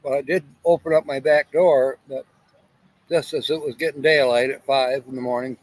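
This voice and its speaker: A man's voice: medium pitch, fairly even intonation, moderate pace, low-quality recording. A man hosting a casual livestream, rambling and greeting viewers by name, at times talking while eating. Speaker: livestream host. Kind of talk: casual live chat.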